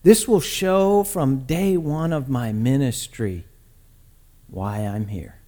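A man voicing a calm, gentle grown-man teacher in a quiet, low, soft voice during a sermon re-enactment. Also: slow, natural voice. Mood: gentle, hushed.

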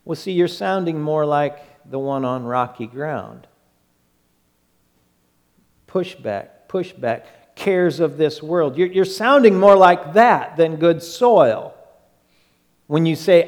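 Slow-preaching man with a high voice. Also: lively intonation, big-room sound. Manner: slow, emphatic preaching with quick acted asides. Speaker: pastor. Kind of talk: sermon.

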